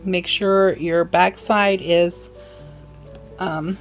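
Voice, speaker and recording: A woman's voice: fairly low pitch, fairly even intonation, drawn-out words, soft background music. A woman giving a casual sewing demonstration, chatting and apologizing in asides as she works. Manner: chatty, apologetic asides, talks while working. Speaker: sewing instructor.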